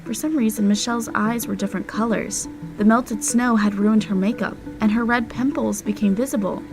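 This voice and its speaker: A woman's voice: mid-range voice, fairly even intonation, moderate pace, few pauses. Woman narrating a storytime over music. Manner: dramatic first-person telling. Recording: music playing behind.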